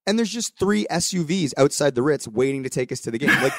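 A man's voice: a little high, expressive, fast talker, a bit bright, no room sound, clean studio sound. A young adult man hosting a podcast, telling a story in casual chat with voiced quotes and the odd swear. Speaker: podcast host.

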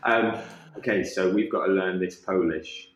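Male presenter, low-pitched, joking and steering the chat; roomy sound. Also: moderate pace, highs cut off, slight background noise. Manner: playful, leads the conversation. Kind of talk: casual banter.

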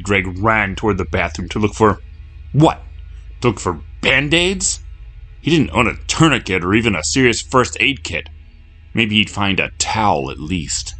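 A man narrating a horror story in a measured, grim storytelling manner. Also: low voice, a bit bright, breathy edge. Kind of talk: scripted narration.

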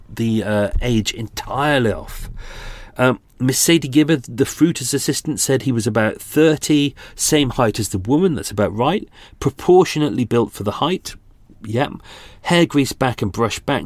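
A man's voice: mid-range voice, no echo. Guy in his 40s chatting about a true crime case, loose and wandering, dead dry sound. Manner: rambling, self-deprecating, many restarts. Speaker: podcast host. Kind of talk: casual true-crime commentary.

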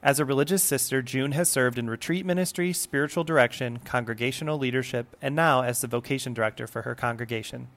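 Male host, mid-pitched, reading a scripted podcast introduction in a measured, formal way. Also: fairly bright tone.

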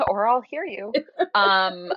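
A woman's voice: mid-range voice, expressive, drawn-out words, fairly bright tone, no echo, low-quality recording. A woman guest on a podcast, chatting casually, laughing often and readily agreeing. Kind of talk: casual chat.

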